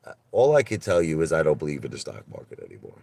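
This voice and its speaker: Man, very deep voice, rambling, animated storyteller, casual livestream talk. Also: quick pace, vocal fry, husky, no room sound. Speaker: streamer.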